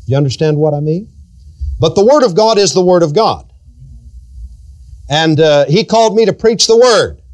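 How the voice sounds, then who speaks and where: A man preaching, his voice sitting high and swooping up and down with feeling. He draws out key phrases slowly and mimics everyday sayings to make his point. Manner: drawn-out emphatic preaching, acting out everyday quotes. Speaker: pastor. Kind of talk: sermon.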